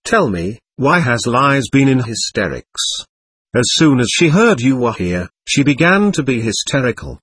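A man reading aloud, voicing an anxious, effusive middle-aged aristocratic lady who talks rapidly and nervously. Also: medium pitch, sing-song, fairly bright tone, breathy edge, dry recording, full character voice. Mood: gushing.

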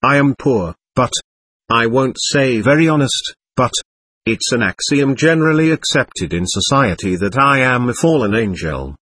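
A man reading an audiobook, voicing a suave, ironic male devil who poses as a shabby gentleman, smooth and mocking. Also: medium pitch, expressive, normal speed, no echo. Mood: genteel.

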